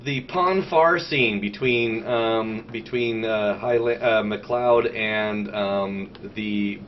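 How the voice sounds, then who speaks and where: Rambling man with lots of fillers. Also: fairly low pitch. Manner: rambling, animated, swears, halting with fillers. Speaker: podcast host. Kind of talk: casual chat. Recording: dull lo-fi sound with faint noise.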